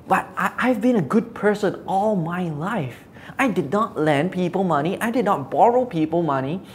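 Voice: medium pitch, moderate pace, darkish tone, a little hiss or hum, close to an everyday voice. A preacher voicing a weary, frustrated prophet, an adult man, in a lamenting, pleading way. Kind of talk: Bible teaching with spoken quotes.

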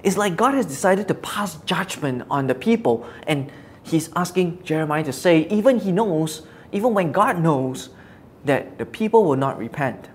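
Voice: mid-range voice, expressive, moderate pace, slight background noise. Earnest, reflective Bible teacher. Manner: earnest, reflective, asks rhetorical questions. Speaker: preacher.

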